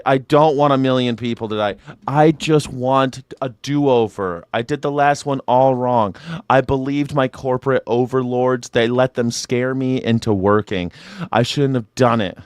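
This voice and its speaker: A man's voice: medium pitch, a little slow, clean tone, dry recording. A young man hosting a news reaction show, sarcastic and joking, swearing freely. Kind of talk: comedic news reaction commentary.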